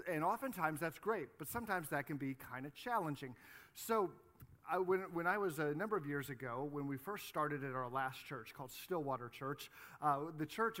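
A man's voice: on the high side, animated, moderate pace, a bit bright. Conversational pastor, man, sermon storytelling. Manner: conversational storytelling with frequent "you know" and "right". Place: church sanctuary.

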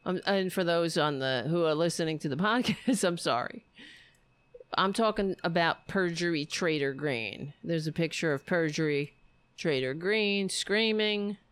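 A woman's voice: lowish voice, a little slow, clean tone, no echo. A woman hosting a political livestream, ranting casually with profanity and sarcasm.

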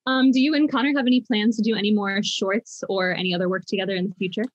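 A woman's voice: mid-range voice, steady tone, fast talker, dry recording. A woman asks friendly, upbeat interview questions in a mid-range voice. Her audio is dull and muffled, as over a video call. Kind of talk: casual interview.

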